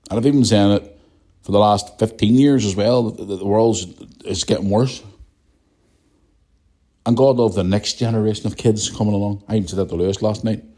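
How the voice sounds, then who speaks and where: Northern Irish male podcast host, thirties, low mellow voice, blunt sweary ranter. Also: moderate pace, pauses often. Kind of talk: casual ranting monologue.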